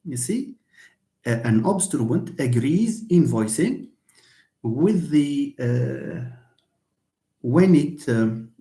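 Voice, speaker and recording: A man's voice: medium pitch, very animated, very slow, long pauses, mellow. A man giving a university linguistics lecture, hesitant, with many fillers and restarts. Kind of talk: lecture reviewing phonology. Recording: echoey room.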